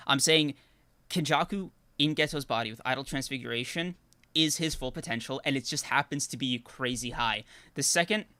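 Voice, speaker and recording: Bright, dry-sounding man debating. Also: medium pitch, moderate pace, no echo. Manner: argumentative, laughs often, hedging fillers. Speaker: podcast co-host. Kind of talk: casual anime debate podcast.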